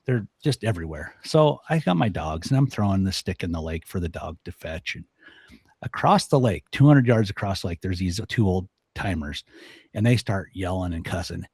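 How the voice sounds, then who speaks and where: A man from northern Idaho, a guest elk-hunting expert, telling stories on a podcast in an animated way and laughing often. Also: low voice, moderate pace, husky, dry recording, clean studio sound. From northern Idaho, USA. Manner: animated storyteller, laughs often, acts out voices. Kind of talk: casual podcast storytelling.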